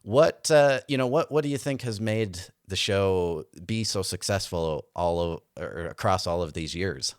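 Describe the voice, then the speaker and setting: A man's voice: sits low, a little slow, hardly any pauses, clear, resonant tone, no room sound, clean studio sound. A man hosting a casual interview, asking earnest, hesitant questions. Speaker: podcast host.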